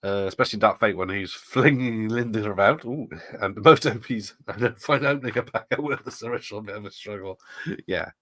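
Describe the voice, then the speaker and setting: A man's voice: fairly low pitch, a little fast, a bit bright, dry recording. A middle-aged man hosting a watch party, chatting casually, laughing often and wandering into asides while he reads the chat. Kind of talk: casual live commentary reading chat.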